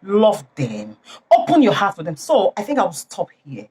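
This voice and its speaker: A woman's voice: mid-range voice, wildly swooping pitch, moderate pace, a little mellow. A woman preaching informally to her channel's viewers, repeating and stressing her points. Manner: repetitive, exhorting, emphatic. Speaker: YouTube channel host.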